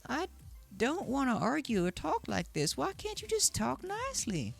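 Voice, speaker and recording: A man voicing an upset young woman in a high, pleading falsetto, reading her chat messages. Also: wildly swooping pitch, normal speed, creaky, faint music behind, exaggerated voice.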